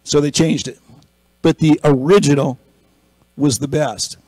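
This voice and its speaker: A man's voice: fairly high pitch, animated, a little slow, a little mellow, no room sound, low-quality recording. A man preaching a conversational sermon, telling a story and acting out the people in it, then building to an emphatic exhortation. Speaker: pastor.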